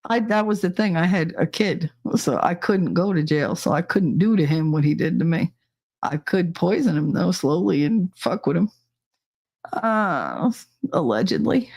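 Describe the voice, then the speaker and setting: A woman's voice: on the low side, measured pace. Blunt, profane woman telling stories. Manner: blunt and profane, animated storytelling. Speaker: podcast co-host. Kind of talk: casual chat.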